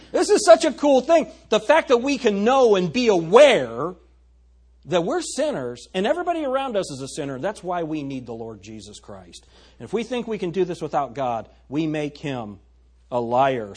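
A man preaching a sermon in an animated, conversational way, asking the congregation rhetorical questions. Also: high voice, husky. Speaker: pastor.

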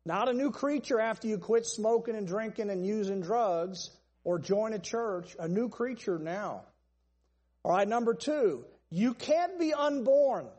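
A man's voice: sits high, expressive, measured pace, a little mellow, big-room sound. A man preaching a sermon, stressing points through long repeated lists. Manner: emphatic, repetitive list-style preaching.

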